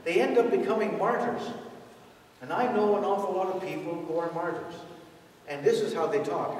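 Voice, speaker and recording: Man, priest, high voice, chatty preaching with rhetorical questions, long church reverb. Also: moderate pace, a little mellow. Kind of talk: sermon. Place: large church. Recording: echoey church from far off.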